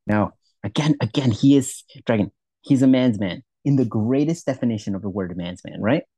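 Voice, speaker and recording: A man co-hosting a podcast in casual chat, rambling and swearing, with sudden excited loud bursts. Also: mid-range voice, moderate pace, husky, no room sound. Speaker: podcast co-host.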